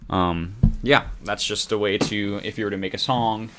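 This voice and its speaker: A young man walking beginners through music software in a casual, rambling way, joking about himself as he goes. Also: lowish voice, moderate pace, heavy background noise. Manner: relaxed, rambling, self-deprecating. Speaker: music software tutorial host. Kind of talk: casual screen-recorded tutorial. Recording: faint music from the software behind. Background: faint music track.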